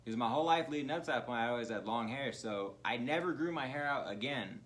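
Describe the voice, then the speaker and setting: Fast and a bit bright, this medium-pitched man co-hosts a comedy podcast. His casual chat is loose and full of laughter as he recounts profane stories from childhood.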